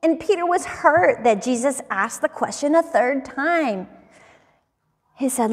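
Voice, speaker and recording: A woman teaching a Bible study class, reading scripture aloud and bringing the dialogue to life with an expressive delivery. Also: sits high, measured pace, long reverb tail.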